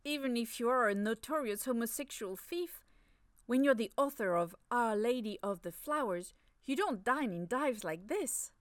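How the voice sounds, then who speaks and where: A woman's voice: a little high, expressive, normal speed, dry recording, lightly acted. A woman reading the lines of a small, genteel male street flutist in a story, speaking in a courtly, gracious manner. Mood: amused.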